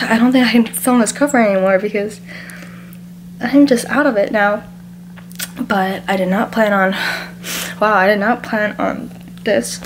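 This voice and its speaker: A woman's voice: mid-range voice, noisy background. A woman talking casually to the camera, teary and hesitant, often stopping and restarting. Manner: halting, hesitant and soft-spoken. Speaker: cover singer.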